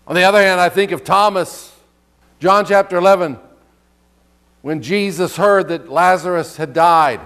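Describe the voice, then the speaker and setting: A man with a notably high voice preaches a sermon in a relaxed, conversational way. He asks the congregation questions and reads scripture aloud between his own comments. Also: moderate pace. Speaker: pastor.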